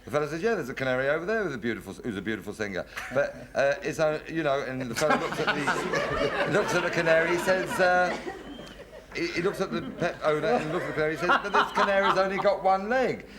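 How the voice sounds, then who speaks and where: A man's voice: on the high side, animated, quick pace, a loud crowd. A man, a comedian, telling jokes in a chatty, rambling way with restarts. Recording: noisy 1970s TV studio recording.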